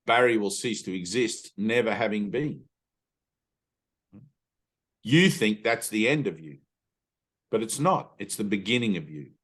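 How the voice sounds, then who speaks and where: A man's voice: lowish voice, animated, unhurried, long pauses, fairly bright tone, husky. A middle-aged man leading an informal spiritual talk with his students, speaking emphatically and bluntly, with the odd swear word. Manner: emphatic and blunt, swears, acts out inner voices. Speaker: spiritual teacher.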